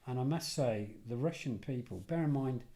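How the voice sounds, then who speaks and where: Speaking at a normal pace in a mid-range voice, this middle-aged English podcast guest, a former detective and security chief, shares animated stories. His delivery is relaxed and chatty, and he frequently stops to correct himself partway through a sentence.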